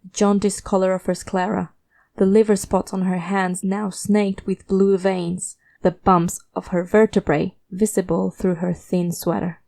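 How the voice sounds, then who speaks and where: Warm-voiced woman narrating a story. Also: medium pitch, flat delivery, unhurried, gravelly. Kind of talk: scripted first-person fiction narration.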